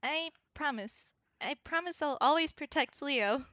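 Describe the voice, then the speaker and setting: A man voicing a small, timid young boy who speaks in a soft, hushed, halting way as part of a tabletop game. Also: very high-pitched, no echo, highs cut off, pitched above the performer's own voice, heavily acted. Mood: earnest.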